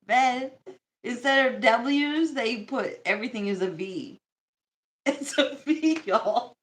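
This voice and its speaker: A young woman from the States chats on her livestream in a slightly high voice, taking her time over her words. She's blunt and joking, laughs often and swears freely. It's a casual, unscripted stream. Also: slow pace. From United States. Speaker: livestream host.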